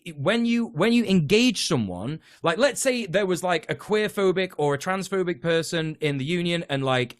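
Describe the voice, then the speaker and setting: A man's voice: on the high side, no echo, studio quality. A British man talking casually about organizing renters, rambling with lots of fillers and restarts and the odd swear word. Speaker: podcast guest, tenants union organizer. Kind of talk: casual political chat.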